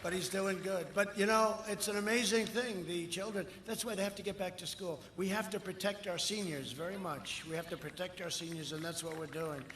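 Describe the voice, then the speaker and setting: An older man speaking at a campaign rally, rambling and boastful, swinging between shouted lines and muttered asides. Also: high-pitched, fairly even intonation, brisk, few pauses. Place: outdoor rally. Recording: echoey outdoor rally with long reverb and faint crowd noise.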